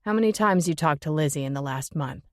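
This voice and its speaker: A woman's voice: sits low, animated, fast, no room sound, clean studio sound, pitched below the performer's own voice. A woman voicing a blunt, mocking young male rock musician who needles his bandmate. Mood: needling. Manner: scoffing, needling.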